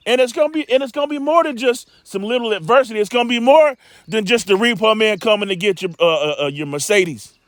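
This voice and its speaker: A man's voice: sits high, fast, hardly any pauses, dry recording, clean studio sound. A man teaching scripture in a loose sermon style, rambling and emphatic, with lots of stammering restarts and streetwise asides.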